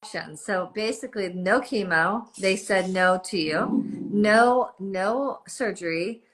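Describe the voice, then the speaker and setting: A woman's voice: medium pitch, slow pace, a bit bright. A woman interviewing a guest and briefly echoing back what she hears. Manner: brief reflective responses. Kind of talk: interview conversation.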